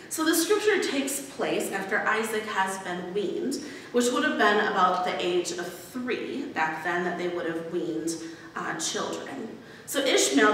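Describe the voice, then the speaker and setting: A woman pastor giving a conversational sermon, pausing often with fillers. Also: mid-range voice, fairly bright tone, a little hiss or hum. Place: church sanctuary. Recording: echoey hall, far from mic.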